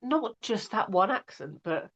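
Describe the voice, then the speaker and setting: A woman's voice: mid-range voice, sing-song, unhurried, a bit bright, lo-fi sound. A woman, an audiobook narrator, chatting in an interview and talking with many fillers and restarts. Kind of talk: casual interview chat.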